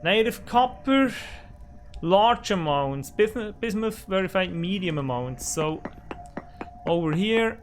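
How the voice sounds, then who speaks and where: A man's voice: high-pitched, lively intonation, takes it slowly, soft background music. A man hosting a let's play, commenting on his survival game and swearing at it in frustration. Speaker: gaming channel host. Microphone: desk microphone.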